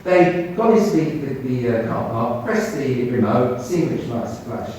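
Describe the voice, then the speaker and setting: A doctor telling his story to an audience in an animated way, his pitch jumping when he quotes others. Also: unhurried, a little hiss or hum. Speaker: doctor giving a talk. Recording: roomy hall, mic at a distance.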